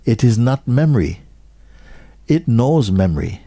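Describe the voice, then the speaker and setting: A man speaks as a spiritual teacher to an audience in a low, husky voice. He talks slowly and questioningly, repeating short phrases and sometimes sinking to a near-whisper. The sound is dry and close. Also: expressive, warm tone, dry recording.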